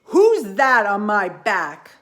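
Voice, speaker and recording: A woman's voice: fairly low pitch, sing-song, measured pace, sharp tone, exaggerated voice. A woman voicing a menacing male snapping turtle who bullies and threatens.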